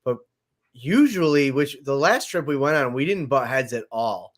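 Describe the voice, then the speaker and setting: A man hosting a casual podcast chat, relaxed and quick to laugh along with his guest. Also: mid-range voice. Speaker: podcast host.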